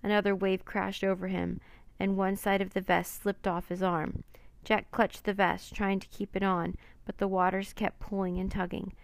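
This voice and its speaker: A woman's voice: mid-range voice, normal speed, gravelly, dry recording. Lady reading a kids book, dramatic, dry close sound. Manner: expressive, dramatic. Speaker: narrator. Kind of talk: reading a children's book aloud.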